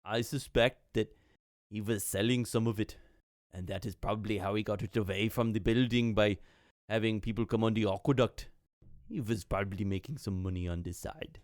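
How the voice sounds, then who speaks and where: A formal male official, voiced by a man running the game speaks in careful, measured sentences. The voice sits low, recorded close and dry. He stays polite and composed throughout. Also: a little mellow, dry recording, natural voice.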